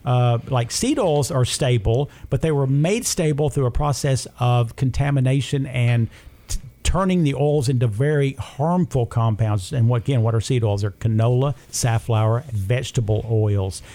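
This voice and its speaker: A man's voice: mid-range voice, normal speed, dark tone. Chatty man hosting a health show. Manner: opinionated, talks in numbered points. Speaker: health talk show host. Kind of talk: casual chat.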